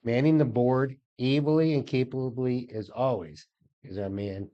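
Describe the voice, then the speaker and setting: A man's voice: medium pitch, a little slow, lo-fi sound. An older man, co-hosting a local talk show in a folksy, storytelling manner. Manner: folksy, storytelling, repeats words. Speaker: co-host.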